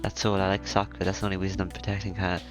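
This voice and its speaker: A man reading a visual novel aloud in a plain, steady voice, stumbling and restarting now and then. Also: sits low, racing. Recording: music playing behind.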